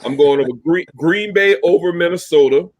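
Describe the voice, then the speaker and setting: A man's voice: on the high side, fairly quick, darkish tone, dry recording, dull audio. A man co-hosting a casual sports podcast, steadily listing his picks with dry jabs. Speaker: podcast co-host.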